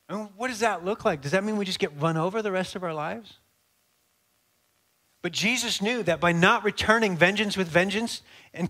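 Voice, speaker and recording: Man, pastor, sermon, conversational, acts out scenes, slightly high-pitched. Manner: animated, acts out dialogue, conversational asides.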